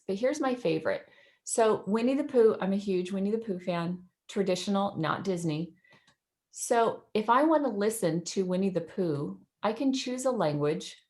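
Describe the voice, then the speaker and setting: A woman educator giving a chatty, enthusiastic screen-share demo over a video call, laughing often. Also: medium pitch. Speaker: educator presenting in a webinar.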